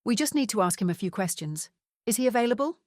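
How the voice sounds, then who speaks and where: A woman voicing a tall male private investigator who talks politely and in a measured way, in an audiobook. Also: mid-range voice, lively intonation, a little mellow, no echo, studio quality, close to an everyday voice.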